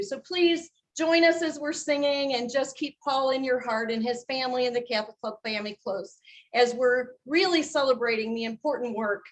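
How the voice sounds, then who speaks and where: A children's music performer who also trains teachers gives an upbeat welcoming address at a conference, urging the audience to join in. She sings for families, her voice is a little high, and the recording is rough.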